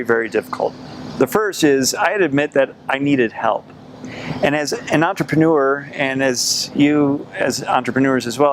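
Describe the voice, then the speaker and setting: A man's voice: mid-range voice, noisy background. A man in his forties, a sales coach, telling a personal story to camera in an earnest, reflective way.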